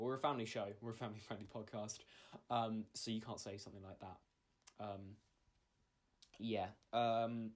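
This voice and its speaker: A man hosting a casual comedy podcast, talking hesitantly with many ums and restarts. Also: lowish voice. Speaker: podcast host.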